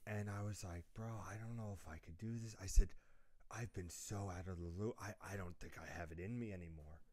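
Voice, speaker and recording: A young man telling lively stories in a casual chat, often laughing mid-sentence. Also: sits low, a little fast. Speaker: podcast co-host.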